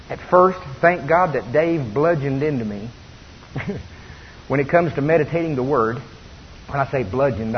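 Male preacher, high voice, folksy animated sermon, dull recording with a faint hiss. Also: long reverb tail. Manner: folksy, animated storytelling with laughs.

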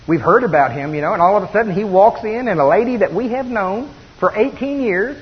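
A man preaches with a high, lively voice, telling the story in a folksy way with bursts of laughter. The sound is dull and lo-fi, with a long reverb from the hall and a faint hiss underneath. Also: fairly quick, slightly rough. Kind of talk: sermon.

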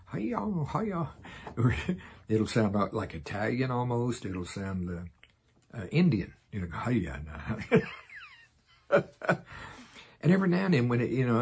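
An older man preaching a sermon in a folksy way, laughing often and slowing down to repeat lines solemnly. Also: on the low side, a little mellow, slight background noise.

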